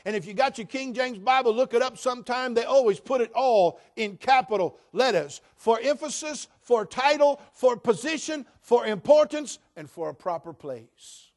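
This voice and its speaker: A male pastor, preaching a sermon that moves between hushed, soft passages and loud, emphatic declarations, slowing down to stress key phrases. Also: very high voice, animated.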